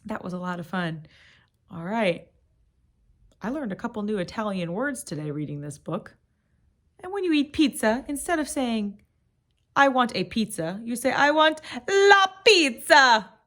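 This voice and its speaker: A woman's voice: mid-range voice, expressive. A woman teacher reading a picture book aloud to young children, asking them encouraging questions. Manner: slow, encouraging questions to kids.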